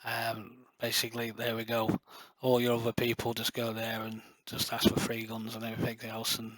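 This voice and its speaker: A middle-aged man talks straight to camera in a loose, rambling flow, dropping in fillers and boasting with real passion. His pitch stays fairly level and flat throughout. The sound is close and dry, with no room around it. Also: moderate pace, no echo. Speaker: light gun builder and video creator. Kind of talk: casual rambling talk to camera.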